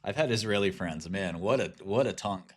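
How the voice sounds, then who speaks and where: A man's voice: fairly low pitch, a little fast. A man giving casual, irreverent commentary on a stock market live stream, rambling and jokey.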